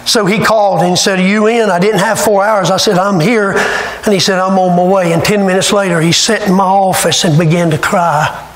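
In an echoey church sanctuary with faint ambience and slight background noise, a man preaches a revival sermon. His voice sits high and steady, moving fairly quickly as he tells stories with fervor that rise to shouts.

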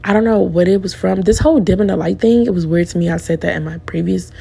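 A woman in her twenties recapping a reality show in a candid, slangy way, talking straight to her viewers. Her voice sits a bit low and sounds gravelly and warm, with a husky edge. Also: fast talker. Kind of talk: casual opinionated recap.

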